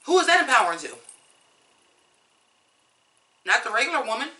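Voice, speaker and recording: A woman's voice: on the high side, big pitch swings, normal speed, bright, forceful tone, roomy sound. A woman reviewing songs in a blunt, profane, fired-up rant. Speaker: music reviewer. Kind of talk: ranting song review.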